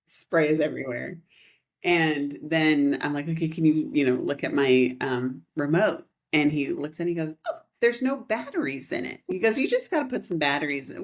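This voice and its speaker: A woman in her thirties, a podcast co-host, telling a rambling, animated story in casual chat and laughing often. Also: deep voice.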